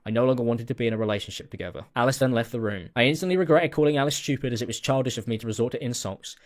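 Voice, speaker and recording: A man's voice: mid-range voice, racing. A man reading a written statement aloud in a formal, earnest way.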